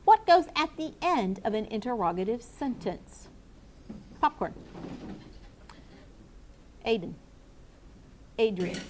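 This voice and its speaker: A woman's voice: a little high, sing-song, slow pace, pauses often, darkish tone. A woman teacher leading a grammar review with her class, patiently asking questions and calling on students by name. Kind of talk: classroom lesson to students and viewers.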